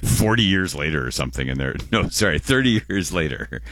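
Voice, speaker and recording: A man's voice: rumbling low, very animated, fairly quick, a bit bright, no room sound, clean studio sound. A Canadian man in his forties hosting a radio show in casual chat, rambling and restarting his words, often chuckling.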